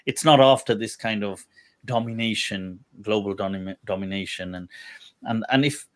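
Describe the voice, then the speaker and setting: A man's voice: fairly low pitch, normal speed. Man musing through a livestream discussion. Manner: thoughtful, meandering, many restarts. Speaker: Islamic scholar, livestream host.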